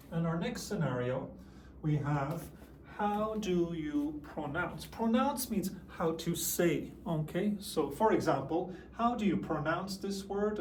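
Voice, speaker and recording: A man teaching an English lesson, speaking slowly and clearly and repeating example words for his students. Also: fairly high pitch, echoey room, a little hiss or hum. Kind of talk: classroom language lesson.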